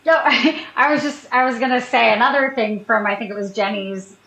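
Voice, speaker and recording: Fairly high-voiced woman guest, chatty and quick to laugh, roomy echo around her. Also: bright, forceful tone. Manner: chatty, laughs often, acts out quoted lines. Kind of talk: casual chat.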